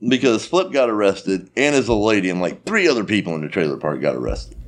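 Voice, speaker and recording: A man's voice: lowish voice, fast, a little hiss or hum. A man telling a long story in a casual chat, swearing freely and acting out the dialogue. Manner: profane, animated storytelling with quoted dialogue.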